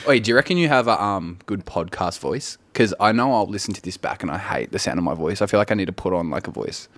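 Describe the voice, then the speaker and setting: A young man co-hosting a casual couch podcast, telling animated stories, swearing freely and slipping into silly voices. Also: lowish voice, brisk. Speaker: podcast co-host. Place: living room couch, dog nearby.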